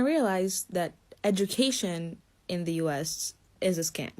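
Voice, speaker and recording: A woman's voice: on the low side, lively intonation, a little slow, hardly any pauses, darkish tone. Dry young woman. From Greece. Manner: dry, sarcastic. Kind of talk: casual storytelling.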